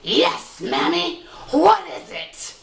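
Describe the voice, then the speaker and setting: A woman's voice: very high-pitched, animated, drawn-out words, creaky, pitched above the performer's own voice, heavily acted. A woman voicing an ancient, shriveled male fairy changeling who whines like an old man pretending to be a baby, recorded from a distance in an echoey room. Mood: wheedling. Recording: roomy, distant mic.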